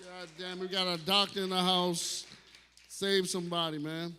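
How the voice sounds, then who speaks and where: A man hosting a comedy open mic, hyping the crowd with loud, profane banter. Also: sits high, level tone, moderate pace, faint music behind. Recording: reverberant bar hall.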